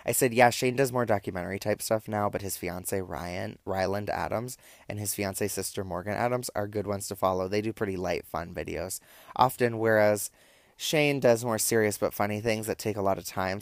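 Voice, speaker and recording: A man's voice: on the low side, moderate pace, no room sound, clean studio sound. A young man casually recapping and reading out text messages, with wry, campy asides. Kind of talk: casual storytelling, reading out texts.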